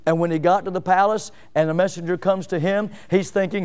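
A man pastor preaching a sermon in an animated, emphatic way, full of rhetorical questions. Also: high voice, brisk, hardly any pauses, clear, resonant tone.

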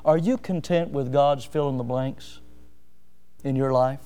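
A middle-aged man preaching a sermon, rising to emphatic peaks and then dropping low and quiet. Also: normal speed, smooth. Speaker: pastor.

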